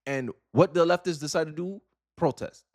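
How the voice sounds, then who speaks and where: A young man in his twenties hosting casual political commentary, talking in an animated, sarcastic and colloquial way. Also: fairly high pitch, normal speed, no echo, studio quality. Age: young adult, 18 to 29.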